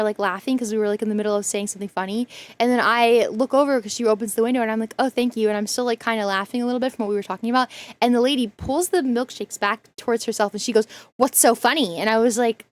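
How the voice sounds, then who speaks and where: A woman streamer reacting to a video, talking in a casual, rambling way with lots of fillers. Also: on the high side. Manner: rambling storyteller, many fillers. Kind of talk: casual chat.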